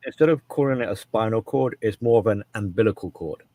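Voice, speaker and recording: A man's voice: lowish voice, fairly quick, dark tone, no room sound. A man co-hosting a casual podcast discussion, talking emphatically and often restarting and repeating his words. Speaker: co-host.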